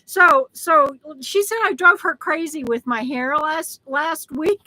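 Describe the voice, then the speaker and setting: An older woman hosts a casual live stream from home, greeting viewers by name and laughing between her thoughts. Her voice sits high and rings bright, and she talks in halting bursts full of fillers and restarts. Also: expressive, dry recording, rough recording. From Texas. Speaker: livestream host. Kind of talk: casual live-stream chat reading comments.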